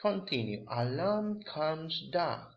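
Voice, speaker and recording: A man's voice: on the high side, sing-song, slow, lo-fi sound. A male English teacher, giving a lesson and reading a story aloud in a patient, encouraging way with hesitant phrasing. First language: Spanish.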